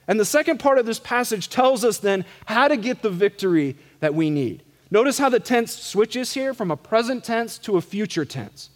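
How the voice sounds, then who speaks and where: A middle-aged man preaches in a high, light voice. His delivery is conversational and self-deprecating rather than grand. The church live-stream recording carries a long reverb tail. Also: lively intonation, moderate pace, few pauses. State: some gray hair. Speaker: pastor. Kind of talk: sermon. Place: church sanctuary.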